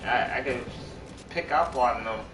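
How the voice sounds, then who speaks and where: A man's voice: mid-range voice, measured pace, noisy background. A young man live-streaming, chatting casually to his viewers in a rambling, repetitive way that keeps restarting its sentences. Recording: echoey room, far from mic.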